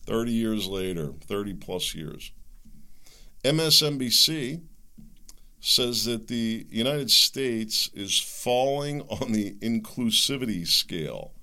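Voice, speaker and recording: A man's voice: mid-range voice, animated, takes it slowly, bright, forceful tone. A middle-aged man hosting a solo talk show, rambling, joking and opinionated in a conversational way. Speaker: podcast host.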